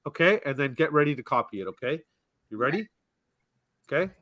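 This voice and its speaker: A man hosting a podcast livestream, teasing his guest and steering the jokes in casual, animated banter. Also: fairly high pitch, fairly quick, no room sound. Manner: teasing, animated, directs the joke. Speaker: podcast host.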